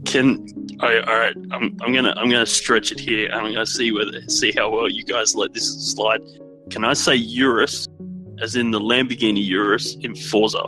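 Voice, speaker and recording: A man's voice: on the low side, fairly even intonation, normal speed, poor audio. Easygoing man on a gaming podcast. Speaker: podcast co-host. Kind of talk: casual chat. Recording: music playing underneath. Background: music.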